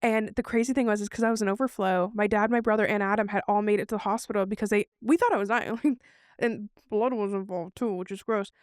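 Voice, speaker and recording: A woman's voice: mid-range voice, fast talker, no room sound, clean studio sound. A woman co-hosting a podcast, telling a personal story in casual chat and acting out what others said to her. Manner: animated, acts out what others said. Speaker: podcast co-host.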